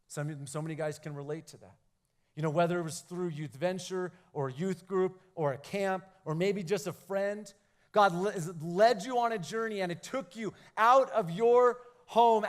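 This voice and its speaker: A man preaching a youth sermon, animated in his storytelling, who acts out quoted lines. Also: high voice. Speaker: youth pastor.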